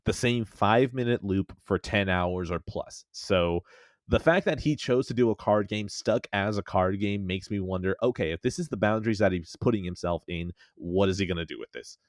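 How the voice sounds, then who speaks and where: Low male podcast host, rambling and self-deprecating, swears a lot, dry close mic. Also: normal speed, no room sound. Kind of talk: casual podcast chat.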